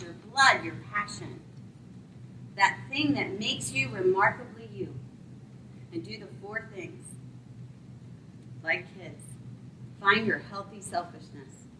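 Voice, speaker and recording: Lively high-voiced woman telling a sermon story. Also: distant mic, slight background noise. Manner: lively, acts out characters in quick voices. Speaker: speaker retelling a Bible story. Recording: roomy sound from away from the mic.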